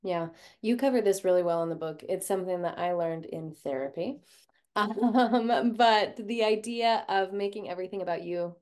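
A woman's voice: mid-range voice, moderate pace, darkish tone. A woman hosting a podcast interview, affirming her guest and adding her own thoughts conversationally. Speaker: podcast host.

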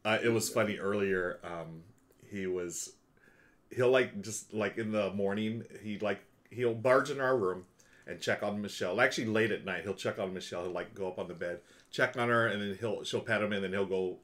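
A man's voice: fairly low pitch, moderate pace, a bit bright. A man hosting a casual live stream from home, upbeat and thanking viewers by name as he chats.

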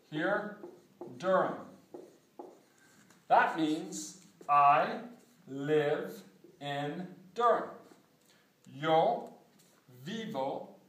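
A man teaching a Spanish lesson, speaking emphatically and repeating phrases slowly for drilling. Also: fairly high pitch, a bit bright. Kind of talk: spoken language lesson. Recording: echoey room, voice from a distance.

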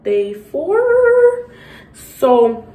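A high, bright-voiced woman chats to the camera in a playful, hyper vlog manner, with a lot of swoop in her voice. She is recorded in an echoey bathroom. Steady noise sits behind her. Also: drawn-out words, narrow, tinny audio. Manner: hyper, playful, squeals and beeps. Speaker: vlogger. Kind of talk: casual vlog talk to camera. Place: grandmother's bathroom.

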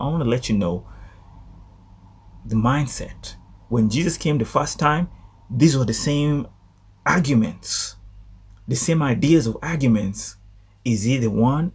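A man giving a Bible study sermon, animated and full of restarts, acting out the voices of the people he quotes. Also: medium pitch, slightly rough. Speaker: preacher.

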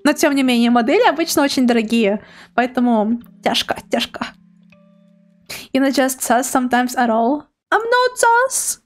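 A woman's voice: fairly high pitch, moderate pace, soft background music. A woman VTuber streamer chatting casually with her viewers, bubbly and giggly, teasing playfully between thank-yous.

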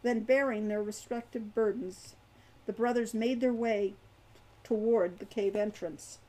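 A woman reading her own fantasy novel aloud in a measured, expressive way. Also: a little high, rough recording.

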